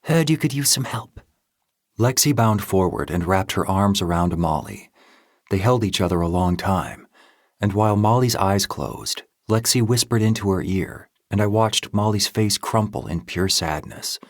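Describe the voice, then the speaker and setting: A man narrating a first-person dark romance audiobook in a steady, measured reading voice. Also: low-pitched, no echo, studio quality.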